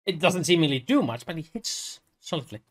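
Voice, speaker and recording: A man narrating a tabletop game as game master, halting and restarting often. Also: on the high side, big pitch swings. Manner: halting, full of fillers and restarts.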